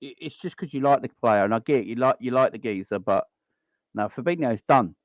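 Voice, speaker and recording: A man with a South London accent hosts a casual football live stream. He sounds blunt and opinionated and circles back to the same points. His voice sits at a middle pitch and is recorded dry, with no room sound. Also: expressive, fairly quick, no echo, lo-fi sound. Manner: blunt, opinionated, repeats himself. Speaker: host of a football call-in stream.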